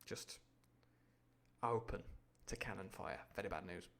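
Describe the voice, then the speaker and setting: A man's voice: deep voice, unhurried, vocal fry, fairly bright tone. A man reading a classic adventure novel on a live stream, breaking off often for playful, irreverent explanations. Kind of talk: book reading with chatty asides.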